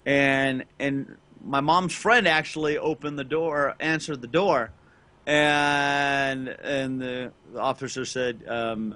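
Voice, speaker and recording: A man from Los Angeles telling a rambling story on a gaming podcast, loudly acting out the people in it. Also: medium pitch, normal speed. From Los Angeles, California. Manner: rambling anecdote with loud acted-out quotes. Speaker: podcast co-host. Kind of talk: casual storytelling chat.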